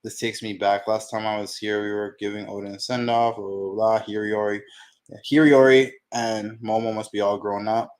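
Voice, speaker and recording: A man hosting a manga reaction channel, talking to himself while he reads, excitable and profane in casual reaction commentary. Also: on the low side, moderate pace.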